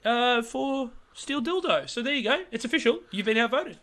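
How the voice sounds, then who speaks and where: Animated, bright-voiced podcast co-host man. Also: extremely high pitch. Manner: animated, jokey, quick asides. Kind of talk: casual chat.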